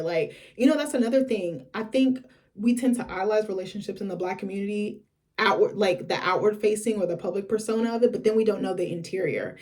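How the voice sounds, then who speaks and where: A woman's voice: mid-range voice, fast, darkish tone. A young woman telling a candid story to the camera, chatty and casual, with lots of filler words. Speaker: vlogger host.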